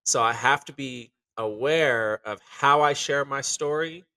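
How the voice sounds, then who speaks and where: A chef speaking candidly on a podcast, earnest and reflective, with lots of "like" and "you know.". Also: male voice, mid-range voice, a little slow, gravelly, pushed and bright, no echo, distant mic, rough recording. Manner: earnest and reflective, many fillers.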